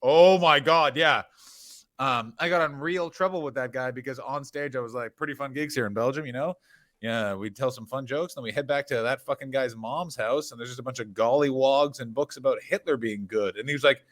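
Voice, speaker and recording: A man's voice: medium pitch, fairly quick, fairly bright tone. A man co-hosting a podcast, a touring comedian trading wry, laid-back stories. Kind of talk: casual comedic chat.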